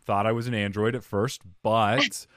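Guy hosting a podcast, low smooth voice, laid back, jokes about himself. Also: moderate pace, no echo, clean studio sound. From United States. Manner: relaxed, conversational, self-deprecating. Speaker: podcast host. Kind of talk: casual chat.

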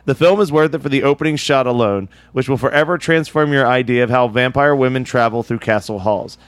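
A man's voice: mid-range voice, fairly quick, no room sound. A man co-hosting a movie podcast, reading out a listener's letter and then chatting in a wry, laid-back way. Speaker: podcast co-host.

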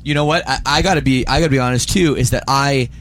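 A man's voice: medium pitch, fast talker, slight background noise. Laid-back male podcast host. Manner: relaxed, friendly, shoots the breeze. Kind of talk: casual interview chat.

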